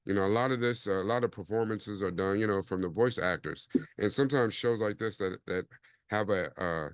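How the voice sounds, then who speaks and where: A man with a lowish, smooth, resonant voice hosts a casual podcast, talking in a relaxed, rambling way. He leans on fillers often, and the close mic sounds dry. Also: fairly quick, no echo. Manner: laid-back, rambling, frequent fillers. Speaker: podcast host.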